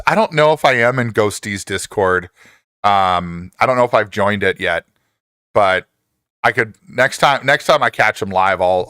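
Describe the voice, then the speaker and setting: A man in his forties casually chatting with viewers on a live stream, reading their messages, laughing often and jumping up in pitch when excited. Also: smooth, no room sound, clean studio sound.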